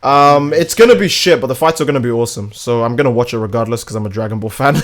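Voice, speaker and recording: Brash male game streamer, crude and animated. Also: medium pitch, quick pace. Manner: animated, crude, reacts to chat and gameplay. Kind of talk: casual live-stream commentary while gaming.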